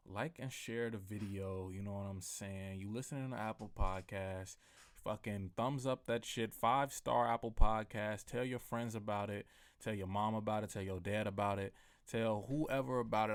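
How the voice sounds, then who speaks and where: A man hosting his own podcast in a casual solo rant, profane and rambling, swinging from loud outbursts to mumbled asides. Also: fairly low pitch. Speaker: podcast host.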